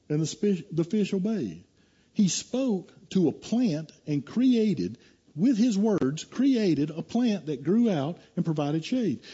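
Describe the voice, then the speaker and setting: A man preaching a sermon, telling a scripture story in a storytelling way, dropping low and hushed and then rising to emphatic, raised lines. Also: breathy edge, dull audio. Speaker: pastor.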